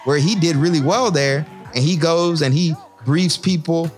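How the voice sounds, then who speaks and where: Emphatic man, pitch leaping as he presses. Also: moderate pace, faint music behind. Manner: emphatic, lively pitch, keeps checking in with "right?" and "you know?". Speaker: former Marine officer in discussion. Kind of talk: impassioned conversational discussion.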